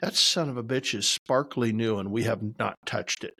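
A man's voice: mid-range voice, normal speed, bright, forceful tone, slightly rough. A man casually telling rambling, profane stories about his work and poking fun at himself as a regular on a talk show. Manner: profane, rambling, self-deprecating. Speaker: podcast regular. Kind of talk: casual storytelling.

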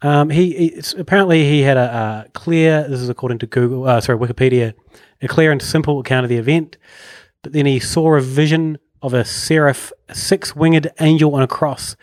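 A man's voice: a little high, fairly quick, darkish tone, no room sound, studio quality. A young man, chatting casually and rambling as a podcast co-host. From New Zealand. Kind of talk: casual chat.

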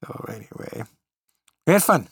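In casual podcast chat, a male co-host tells stories and laughs frequently. His slightly bright voice moves at a moderate pace, recorded at studio quality with no room sound.

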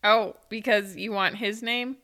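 A woman's voice: medium pitch, fairly even intonation, unhurried, bright, forceful tone, no echo, clean studio sound. A woman co-hosting a casual podcast as a quiz contestant, giggling often and thinking aloud. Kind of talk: casual chat.

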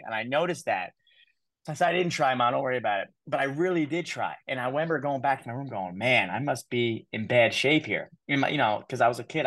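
A man in his thirties from the United States, a guest telling his life story in an interview, animated and quick to repeat words. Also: medium pitch, no room sound. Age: 30s. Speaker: guest speaker.

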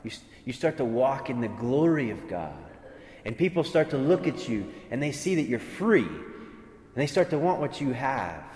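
Here the preacher speaks at a medium pitch with big swings in it, at a moderate pace and in a darkish tone. His earnest sermon echoes through a hall with long reverb as he repeats words and gives voice to imagined speakers.

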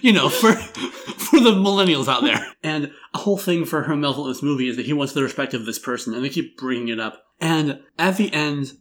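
A man's voice: on the high side, animated, a little fast, few pauses, a bit bright. A man hosting a casual film review chat, wry and rambling, laughing through his jokes. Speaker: podcast host.

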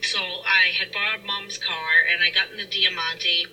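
Slightly distant, bright young woman. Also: medium pitch, steady tone, moderate pace, soft background music. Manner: frank, self-deprecating. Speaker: podcast co-host. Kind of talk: casual storytelling. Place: inside a parked car. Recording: voice a bit off-mic with faint hiss.

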